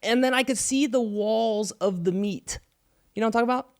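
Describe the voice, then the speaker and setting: A man in his thirties, a podcast co-host in casual chat, telling a story with lively acted-out sounds. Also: high-pitched, fairly quick, clean tone. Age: 30s. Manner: animated storyteller, acts out voices and screams.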